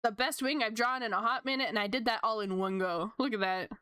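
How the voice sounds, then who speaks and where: Fast, bright, and forceful, this woman's high-leaning voice comes through clean. She's a Canadian art streamer in her late twenties who chats, rambles, and laughs often while drawing.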